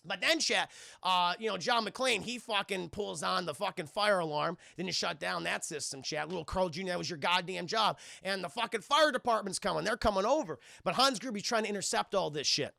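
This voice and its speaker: A man's voice: high voice, expressive, fairly quick, creaky, sharp tone, no room sound, studio quality. A man streaming a casual scene-by-scene film recap, profane and rambling, who keeps turning to talk to his live chat.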